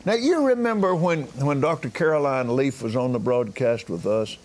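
A man's voice: medium pitch, expressive, normal speed, a little mellow. A man preaching casually on a broadcast from his backyard, rambling with restarts and chuckling as he talks. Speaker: minister. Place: backyard, outdoors.

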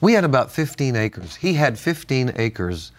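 Older man, lively storytelling voice. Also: medium pitch, moderate pace. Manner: animated storyteller, laughs often. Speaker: co-host of a Christian talk program. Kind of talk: casual chat with storytelling.

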